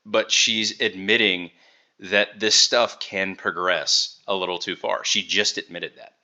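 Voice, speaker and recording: A man's voice: deep voice, fairly even intonation, measured pace, pushed and bright, muffled recording. A man giving sarcastic, critical commentary while reacting to video clips.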